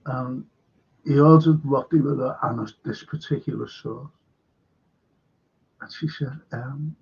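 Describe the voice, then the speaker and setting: Gravelly Liverpool man ranting. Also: medium pitch, slow pace, long pauses, muffled recording. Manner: rambling, opinionated, animated when quoting others. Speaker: host. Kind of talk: casual opinion monologue.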